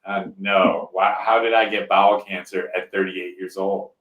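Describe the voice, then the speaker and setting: A man's voice: deep voice, little pitch movement, moderate pace, far from the mic, phone-quality sound. A male podcast host telling a personal story in casual conversation, rambling a bit and often checking in with "right?". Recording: roomy echo.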